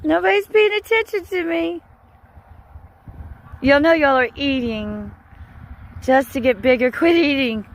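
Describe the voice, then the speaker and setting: A woman's voice: high-pitched, a little slow, long pauses. A woman, walking along a cattle fence outdoors and calling to the cows in a coaxing, sing-song way. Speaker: vlogger. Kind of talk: casual vlog, talking to cattle.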